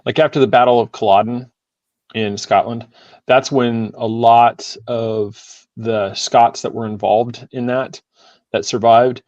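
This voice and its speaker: A middle-aged man co-hosting a podcast, explaining history in halting, rambling stretches. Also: medium pitch, steady tone, a little mellow, dry recording, lo-fi sound. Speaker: podcast co-host. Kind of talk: casual podcast chat.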